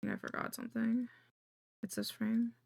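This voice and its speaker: A woman's voice: on the high side, sing-song, a little fast, gravelly, a little mellow. A woman streamer chatting casually to her viewers, thinking aloud in a jittery, self-deprecating way while she works. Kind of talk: casual live-stream chat.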